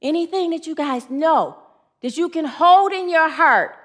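A woman's voice: high voice, animated, unhurried. A woman preaching a sermon, using call and response with her congregation and telling stories in an earnest way. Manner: earnest, storytelling with acted quotes.

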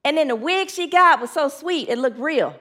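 A sharp-toned, high-sitting female voice with lively intonation carries a sermon at normal speed. She calls and hears responses from her congregation while earnestly recounting stories, voicing the quotes dramatically.

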